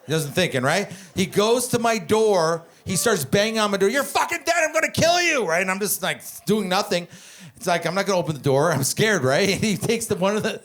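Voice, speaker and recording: Profane young comedian, slightly high voice. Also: male voice. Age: 20s. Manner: profane, animated, rambling storytelling. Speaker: stand-up comedian. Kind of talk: stand-up comedy storytelling.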